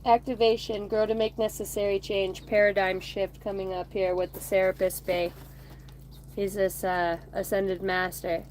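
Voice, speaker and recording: A woman's voice: medium pitch, level tone, normal speed, darkish tone, a little hiss or hum. A woman in her thirties hosting a casual card-reading chat on a phone outdoors, rambling, swearing and laughing between remarks. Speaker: oracle card reader streaming to viewers. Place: outdoors by a bonfire at home.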